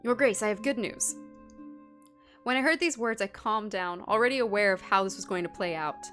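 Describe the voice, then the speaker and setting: Lady reading a courtly male spymaster for a game, formal and measured, bit of music in the back. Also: mid-range voice, fairly bright tone, close to an everyday voice.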